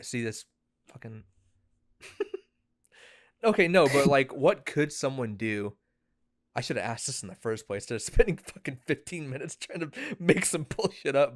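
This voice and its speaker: A young man in casual podcast chat, rambling through a crude made-up story and cursing freely. His pitch swings widely from low mutters to loud outbursts. The recording is dry and close. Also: no echo. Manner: rambling, profane, laughing storyteller who shouts when interrupted. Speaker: podcast co-host.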